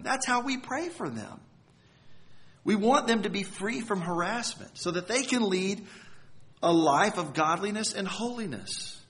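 A man's voice: high voice, sharp tone. A man preaching a sermon, earnest and emphatic, leaning hard on key words. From United States.

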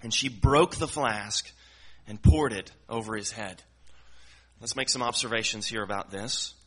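A man's voice: lowish voice, measured pace, a bit bright, breathy edge. A man teaching through a Bible passage verse by verse, earnest and explanatory, often repeating words as he works through a thought. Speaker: preacher.

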